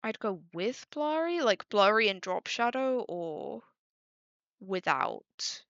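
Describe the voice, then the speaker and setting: With big pitch swings around a medium register, she speaks slowly to her chat, exasperated and swearing frequently in casual conversation. The tone is a bit bright, and the dull, dry lo-fi mic picks up no echo.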